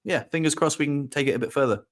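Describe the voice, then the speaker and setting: A man co-hosting a casual chat, telling stories in an animated way and acting out his own panic. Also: a little high, fast talker. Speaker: co-host.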